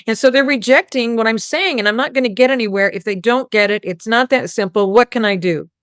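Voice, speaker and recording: A woman's voice: a little high, a little fast, fairly bright tone, no room sound, clean studio sound. A woman hosting a casual spiritual talk, telling a rambling story and quoting others. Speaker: host.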